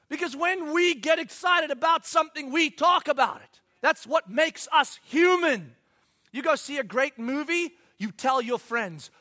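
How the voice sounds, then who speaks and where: A male pastor preaching with a high, bright voice that leaps up and drops low. He swings from loud, emphatic bursts to quiet asides and acts out the quotes in his stories. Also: expressive, a little fast. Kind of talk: sermon.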